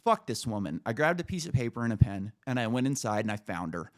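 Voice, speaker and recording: A man's voice: medium pitch, fast talker. A man co-hosting a podcast, telling a story in casual, profane talk and acting out the dialogue. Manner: animated, profane, acts out dialogue. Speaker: podcast co-host.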